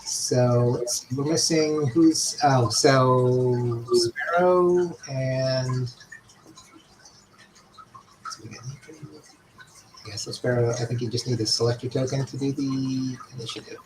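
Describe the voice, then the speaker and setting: A man running an online tabletop game as game master, talking in a relaxed, halting way with many fillers. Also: mid-range voice, noisy background.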